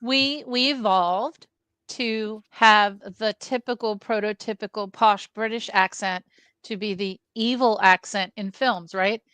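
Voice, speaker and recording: A woman's voice: mid-range voice, steady tone, unhurried, a bit bright, clear, resonant tone, dry recording. A woman co-hosting a film club, thinking aloud in casual talk and addressing the live chat. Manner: thoughtful, speaks to chat, musing asides.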